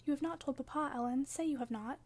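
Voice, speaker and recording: Woman reader doing a willful, tearful young girl for a classic novel audiobook; high and pleading. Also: fast talker, a little mellow.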